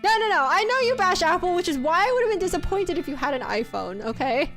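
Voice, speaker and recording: A woman's voice: very high voice, sing-song, fast talker, fairly bright tone, soft background music. A woman streamer chatting casually with her viewers, bubbly and teasing, laughing often as she talks. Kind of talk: casual live-stream chat.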